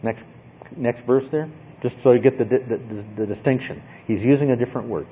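A man's voice: mid-range voice, fairly quick, breathy edge. Emphatic male Bible teacher, tinny sound. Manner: emphatic, asks "okay?" often. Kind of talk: Bible study lecture.

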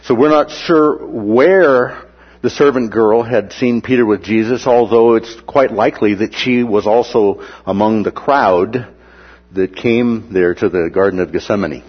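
A man with a husky, low voice teaches through Bible verses in a relaxed, conversational way, full of "uh" and "right?" asides. He sometimes jumps higher to act out a quoted line. The sound is muffled and trails off into a long reverb. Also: a little slow.

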